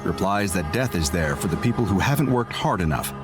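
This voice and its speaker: A man narrating a scripted dark story in a measured, building storyteller's manner. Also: deep voice, lively intonation. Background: music.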